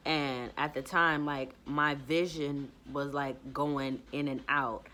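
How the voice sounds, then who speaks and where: Deep, steady, and sharp-toned, this woman speaks slowly, with a slight hiss or hum on the recording. As a podcaster chatting casually to camera, she retells a personal story in a rambling way, full of "like," and performs her own past words.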